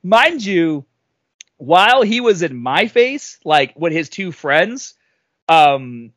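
A man in his late thirties telling a story casually on a podcast, animated and loudly acting out the people he quotes. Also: fairly high pitch, takes it slowly, dry recording. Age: 30s. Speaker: podcast guest.

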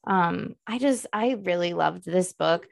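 Woman, gravelly edge, book club podcast co-host, casual rambling chat, laughs a lot. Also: lowish voice, a little slow. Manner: laughs often, rambling and self-deprecating.

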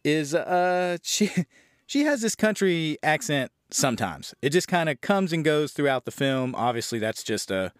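A man's voice: a little high, normal speed, clean tone, no echo, studio quality. A man recapping a horror film for his podcast, rambling and swearing as he tells the story. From Southern Louisiana. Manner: rambling, profane, animated storytelling. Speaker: podcast host reviewing a film. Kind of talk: casual spoken movie recap.

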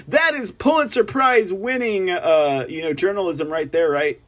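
A man's voice: sits high, slow, long pauses, fairly bright tone. A man hosting an online news show, reading headlines aloud with mocking asides and frequent laughter. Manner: mocking, laughs often, reads articles aloud with sarcastic asides. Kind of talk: casual commentary reading headlines.

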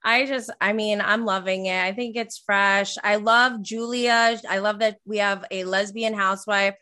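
A woman's voice: medium pitch, steady tone, moderate pace, bright, forceful tone. A woman hosting a podcast in casual chat, gushing and enthusiastic with frequent giggles. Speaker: podcast host.

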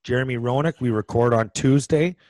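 A man in his forties co-hosting a hockey podcast, chatting loosely and circling back over his own words. His voice sits in a middle pitch and sounds dry and close to the mic, with no room around it. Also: brisk, a little mellow, no echo. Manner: rambling storyteller with many restarts. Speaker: podcast co-host, former hockey player. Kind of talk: casual chat.

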